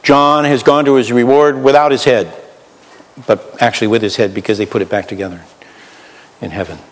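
Pastor guy preaching, acts out voices, goes loud then quiet, mid pitch, echoey church hall. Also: brisk. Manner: animated, swings between loud and hushed, acts out voices. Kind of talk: sermon.

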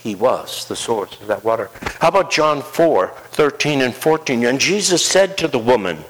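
A pastor delivers his sermon in a church sanctuary, his voice carrying a long hall reverb. He moves between soft, low-pitched asides and climbing, emphatic proclamations. His pitch sits in the ordinary middle range for a man. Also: very animated, moderate pace.

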